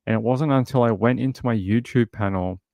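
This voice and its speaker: A man's voice: mid-range voice, fairly quick, creaky, darkish tone, no echo. A man hosting a casual true crime livestream, talking bluntly in run-on bursts full of fillers.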